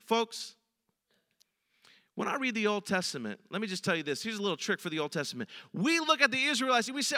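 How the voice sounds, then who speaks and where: A male pastor preaching a sermon in a very high, piercingly bright voice. He talks to the congregation in a conversational way. His voice rings with a long reverb in a large hall. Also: sing-song, moderate pace.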